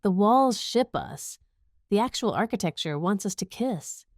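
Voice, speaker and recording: A woman's voice: medium pitch, lively intonation, measured pace, darkish tone, no room sound, clean studio sound, pitched above the performer's own voice. A woman voicing a wry, playful young man in a romantic comedy audiobook. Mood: amused. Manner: playful, teasing.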